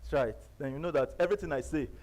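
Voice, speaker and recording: Nigerian male seminar speaker, fairly high voice, repetitive, hammering points loud then dropping low. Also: fast, poor audio. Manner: emphatic, repetitive, preacher-like; swings from loud bursts to quiet asides. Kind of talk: live motivational seminar talk. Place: seminar venue.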